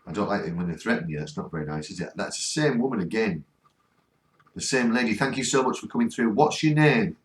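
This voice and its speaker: A fast-talking ghost-hunting vlogger with a northern English accent and a fairly low voice hosts a spirit box session in a cold spot. His intonation is lively as he earnestly coaxes the spirits and keeps pleading for them to answer, and the sound is roomy.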